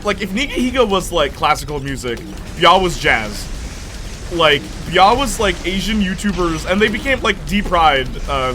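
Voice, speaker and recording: A young man hosting a gaming channel, chatting casually and telling rambling stories with bursts of laughter while reading his viewers' chat. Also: high-pitched. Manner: animated rambling storyteller, breaks into laughter; reads and answers viewer chat. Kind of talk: casual let's-play chat.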